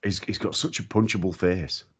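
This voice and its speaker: A man's voice: deep voice, steady tone, moderate pace, slight background noise. A man, chatting casually as a podcast co-host, swearing freely and laughing a lot while telling stories. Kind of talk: casual chat. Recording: dull lo-fi audio.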